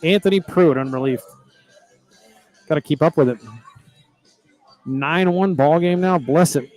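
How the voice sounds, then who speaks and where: A man's voice: on the high side, measured pace, long pauses, darkish tone, soft background music. A middle-aged man, calling a baseball game in a folksy, chatty, rambling way. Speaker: play-by-play announcer. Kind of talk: baseball commentary.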